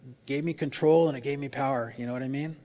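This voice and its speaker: A man's voice: medium pitch, fairly even intonation, quick pace, mellow. Earnest man preaching in a reverberant church. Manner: earnest, confessional storytelling. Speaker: guest preacher. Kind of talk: sermon with closing prayer. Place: church sanctuary. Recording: long hall reverb in a church.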